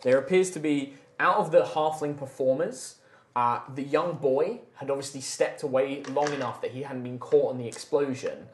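A man's voice: mid-range voice, normal speed, a little hiss or hum. A man narrating as game master of a tabletop game, loose and rambling with many fillers. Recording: echoey room with faint music.

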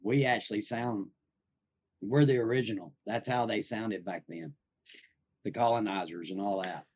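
A man's voice: fairly low pitch, moderate pace, a little mellow, slightly rough. A man hosting a podcast, telling stories in a loose, rambling way with lots of fillers. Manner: rambling, filler-heavy storytelling. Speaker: podcast host. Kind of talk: casual podcast chat. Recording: slightly dull lo-fi audio.

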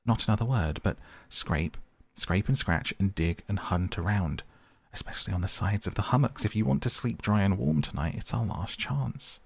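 An eager, bossy storybook water rat, voiced by a man reading aloud, impatient and insistent. The voice stays low and gravelly, close to the reader's own. It is recorded dry and close, with no room sound. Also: normal speed, no room sound.

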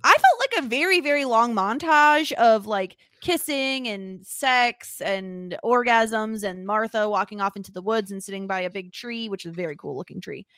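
A woman's voice: fairly high pitch, lively intonation, moderate pace, few pauses, fairly bright tone, no room sound, studio quality. A woman co-hosting a TV recap podcast, talking casually with many fillers. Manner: chatty, lots of "like" fillers. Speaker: podcast co-host.

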